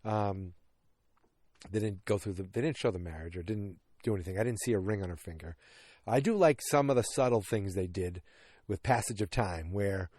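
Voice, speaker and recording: A man in his early forties recapping a movie in casual podcast chat, animated and rambling, with lots of restarts and sound effects. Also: fairly low pitch, moderate pace, no echo. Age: 40s. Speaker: podcast host. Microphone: podcast microphone.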